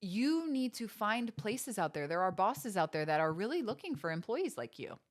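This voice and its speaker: A woman's voice: medium pitch, very animated, normal speed. Earnest woman podcaster asking pointed questions. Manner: earnest, preachy, rhetorical questions. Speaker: podcast host. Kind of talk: motivational faith-based podcast talk.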